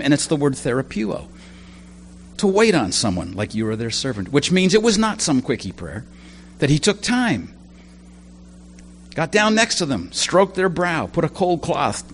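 A man's voice: fairly high pitch, slight background noise. A man preaching a sermon in a conversational way, full of asides and personal stories.

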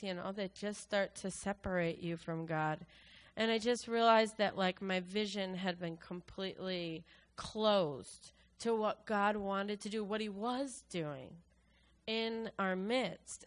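A woman shares a personal testimony with her church. Her voice sits at a middle pitch and sounds smooth and clear. She speaks in an earnest, conversational way and retells scripture in her own words. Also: a bit bright. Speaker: church member giving a testimony.

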